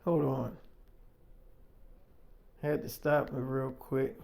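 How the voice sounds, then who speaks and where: A man's voice: medium pitch, little pitch movement, creaky, darkish tone. A man telling a personal story in a casual, blunt and profane way. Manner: blunt, profane, rapid retelling.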